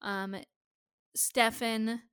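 A woman's voice: a little high, little pitch movement, very slow, fairly bright tone, clean tone. A woman casually recapping a TV episode for a co-host, chatty and full of "like" fillers. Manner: chatty, lots of "like" fillers, acts out quotes. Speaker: podcast co-host.

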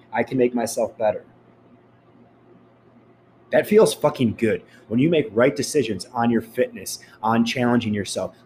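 A man's voice: mid-range voice, a little mellow, slight background noise. A man giving a blunt, profane motivational rant, speaking straight to his listeners.

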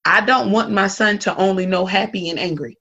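A woman's voice: medium pitch, fairly quick, pushed and bright, breathy edge, highs cut off. A woman talking candidly and emphatically in a casual conversation, blunt and swearing freely.

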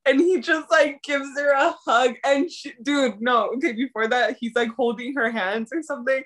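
A young woman casually recapping a drama episode, expressive, swearing and laughing often. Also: fairly high pitch, normal speed, few pauses.

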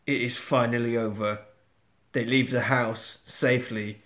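A man co-hosting a podcast, recapping a film in casual chat as an animated storyteller who swears freely. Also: medium pitch, measured pace. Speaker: podcast co-host. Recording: echoey room.

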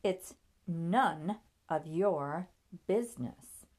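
A woman's voice: high voice, sing-song, very slow, pitched above the performer's own voice, exaggerated voice. A woman voicing a rude, haughty young woman. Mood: scornful. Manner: sharp, scornful, raised voice.

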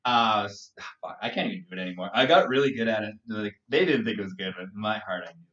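A Canadian man chatting on a podcast, telling animated stories and laughing often. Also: fairly low pitch, fast talker, far from the mic. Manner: animated storytelling with frequent laughter. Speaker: podcast co-host. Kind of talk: casual chat. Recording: roomy, dull, from off-mic.

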